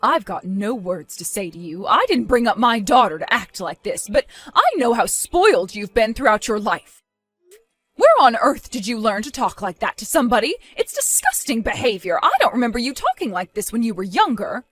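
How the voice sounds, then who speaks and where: A disappointed mother near retirement, calm, stern and reproachful, as a woman acts her out. Her voice still moves a lot in pitch. Quiet music runs underneath. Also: normal speed, husky, full character voice. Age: 50s.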